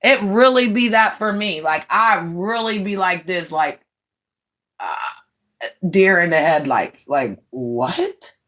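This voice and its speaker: Woman, late forties, live-stream host; slow, blunt, mocking rant with a wildly swinging voice. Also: mid-range voice, animated, fairly bright tone. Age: 40s. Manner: blunt, scornful, mocking voices, laughing asides. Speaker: livestream host. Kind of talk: livestream rant.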